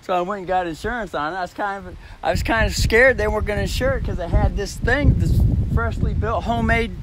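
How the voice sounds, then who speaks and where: A man's voice: high-pitched, fast talker, background noise. A man telling a rambling story at his home, laughing often between phrases and swearing freely. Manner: rambling with frequent restarts. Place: at his own home, by a backyard shed.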